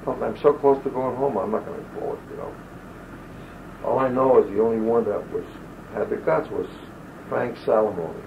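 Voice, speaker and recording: Faint hiss runs under this lo-fi old tape, made on a home audio recorder, of an older man being interviewed for an oral history. A former army soldier, he speaks at a moderate pace in a creaky, medium-pitched voice. His wartime tales are loose and digressive, and he performs the voices of those he quotes.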